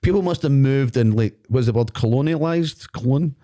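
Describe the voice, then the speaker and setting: A man's voice: mid-range voice, normal speed, mellow. A Scottish man with a Glaswegian accent, co-hosting a podcast in casual chat, rambling and joking about himself as he talks. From Scotland. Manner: rambling, joking, self-deprecating. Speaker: podcast co-host. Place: podcast studio.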